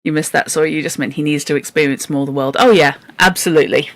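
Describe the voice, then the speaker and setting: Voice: mid-range voice, fairly even intonation, quick pace, dry recording. A book club host chatting about a classic novel, exasperated and joking, with frequent asides. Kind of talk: casual chat and reading aloud.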